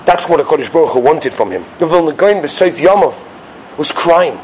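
A man giving a Torah sermon as a rabbi, animated and swinging between loud stresses and hushed asides. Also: on the high side, normal speed, background noise.

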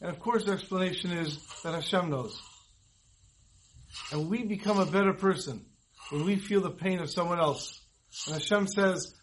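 A man's voice: high-pitched, normal speed, pauses often, slight background noise, poor audio. A man giving an earnest sermon full of stories, acting out the dialogue as he goes. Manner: earnest, storytelling, acts out dialogue. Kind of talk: sermon with storytelling.

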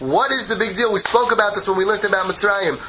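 A man teaching a Torah lesson in an animated, joking way, mixing Hebrew quotes with English explanation. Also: sits high, fast talker, background noise. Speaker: rabbi teaching a class.

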